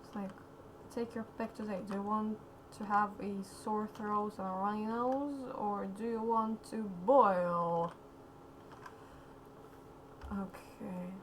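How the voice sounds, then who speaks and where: A woman streaming while she draws, talking quietly and rambling in casual commentary, saying okay a lot, her throat slightly sore. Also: mid-range voice, slow, slight background noise, rough recording.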